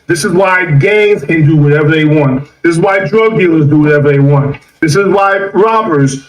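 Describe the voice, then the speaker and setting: A man's voice: fairly high pitch, normal speed, roomy sound, recorded from a distance, low-quality recording. A man delivering an emphatic, opinionated monologue, listing his points one after another. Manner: emphatic, repetitive, lists points.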